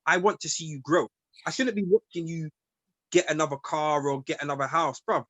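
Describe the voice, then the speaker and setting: A man argues emphatically, his speech full of street slang. His voice sits a little high and is recorded close and dry, with no room sound. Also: fairly even intonation, a little fast, bright, forceful tone, no echo. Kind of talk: casual group chat.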